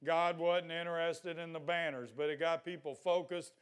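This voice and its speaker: An older man preaching a sermon in a folksy, exhorting way, at times breaking into loud shouts. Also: a little high, flat delivery, normal speed, clear, resonant tone.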